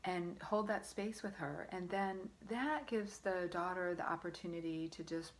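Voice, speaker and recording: A woman's voice: on the low side, unhurried. A woman parenting coach giving earnest, encouraging advice straight to the listener, often checking in with them. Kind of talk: direct-to-camera parenting advice.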